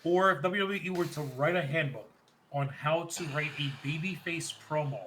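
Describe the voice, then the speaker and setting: A man co-hosting a podcast, recapping in casual chat with animated retellings, quick quoted bits and frequent laughter. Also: on the high side, slight background noise, rough recording. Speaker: podcast co-host.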